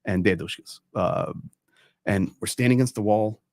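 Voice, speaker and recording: A man hosts a casual talk show, telling stories emphatically and repeating his points for stress. His voice is lowish and a little mellow, at a moderate pace, in a clean studio recording without room sound.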